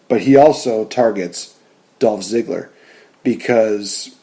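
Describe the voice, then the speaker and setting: A man's voice: fairly low pitch, slow pace, warm tone. A young man casually narrating an imagined wrestling storyline, rambling with lots of fillers. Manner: rambling, lots of fillers like "you know" and "just". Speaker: wrestling fan rebooking storylines. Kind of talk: casual solo commentary narration.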